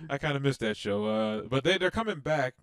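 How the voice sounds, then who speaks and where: A man hosting a casual racing game livestream, rambling and animated with lots of fillers. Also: mid-range voice, brisk, clean tone, no echo. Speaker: livestream host. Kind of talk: casual gaming livestream chat.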